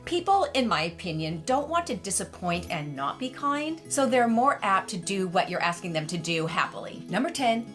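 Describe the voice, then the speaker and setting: A woman's voice: mid-range voice, sing-song, moderate pace, hardly any pauses, faint music behind. A middle-aged woman presenting etiquette tips in a light, gracious, slightly playful way. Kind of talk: instructional talk to camera.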